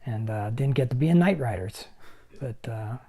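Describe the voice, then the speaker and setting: A man in his sixties with a mellow, warm tone, spinning animated anecdotes as an interview guest. He slips in and out of other people's voices while he tells his stories. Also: medium pitch, normal speed, breathy edge. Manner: animated storyteller who acts out other people's lines. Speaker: special effects makeup artist guest. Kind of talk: anecdotal storytelling.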